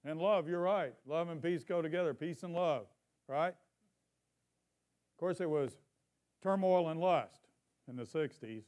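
A man's voice: a little high, darkish tone. A man preaching a sermon in church, calling out questions to the congregation and stretching out scripture lines for emphasis. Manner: call-and-response with congregation, drawn-out emphatic scripture reading. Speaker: pastor.

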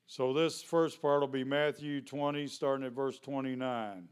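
A man's voice: mid-range voice, steady tone, normal speed, clear, resonant tone. A male pastor, preaching a sermon in a conversational way, full of questions to the congregation.

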